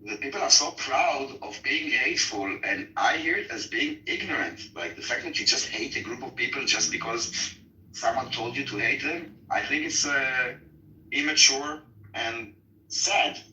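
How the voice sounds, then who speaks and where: A man's voice: medium pitch, sharp tone. A man in a heated debate who insists on his points but often stalls, searching for words. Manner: insistent but halting, many fillers and restarts. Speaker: debater in an online voice room. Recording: distant, roomy, faint noise.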